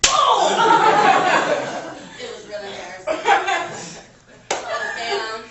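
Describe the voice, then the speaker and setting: A young woman speaking at a memorial vigil, telling lively stories and acting out the voices of the people in them. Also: on the high side, drawn-out words. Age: young adult. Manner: animated storytelling, acts out quoted voices, laughs between lines. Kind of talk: storytelling eulogy to a crowd. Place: large gathering hall at a vigil. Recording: echoey room from far off, loud crowd and noise.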